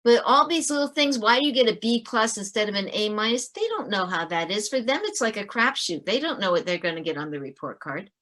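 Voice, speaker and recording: A woman's voice: mid-range voice, brisk, few pauses. Middle-aged woman guest, ex-teacher, earnest storyteller, mid-range voice. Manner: earnest, animated storyteller with many restarts. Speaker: podcast guest, author and former teacher. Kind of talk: storytelling in a podcast interview.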